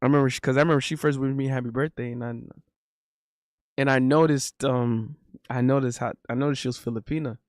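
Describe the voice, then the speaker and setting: A man's voice: medium pitch, fairly even intonation, fast, no room sound. A young man hosting a live stream, chatting casually in a loose, repetitive, slangy way on a close desk mic. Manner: loose, repetitive, swears, says bro a lot. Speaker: streamer host.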